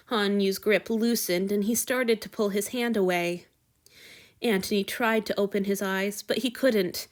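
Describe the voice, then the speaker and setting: A woman reading a story aloud in an earnest, expressive way. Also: mid-range voice. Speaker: reader. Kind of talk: reading fan fiction aloud.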